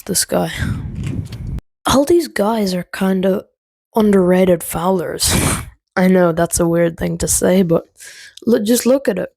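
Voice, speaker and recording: A woman with a fairly low voice talks slowly and casually, giving blunt opinions with frequent ums. She sounds close and dry, with no room echo. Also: creaky, a little mellow. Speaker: MMA commentary creator.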